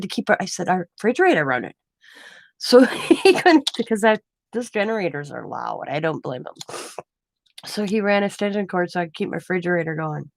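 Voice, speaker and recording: A woman's voice: medium pitch, dry recording. A middle-aged woman chatting at home, telling stories and acting out what people said, laughing often. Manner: chatty storytelling, acting out quoted lines; laughs often mid-sentence. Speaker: craft vlogger. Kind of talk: casual chat.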